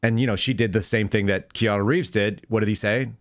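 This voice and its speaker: Low-voiced guy hosting a podcast, rattling off rambling stories super fast. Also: steady tone, no room sound, clean studio sound. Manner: rapid, rambling anecdotes with self-corrections. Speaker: podcast host, former FBI agent. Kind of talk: casual podcast chat and storytelling.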